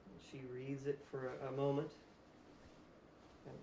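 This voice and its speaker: A man narrating as game master of a tabletop game, relaxed and quick to laugh. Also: mid-range voice. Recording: roomy echo, faint hiss.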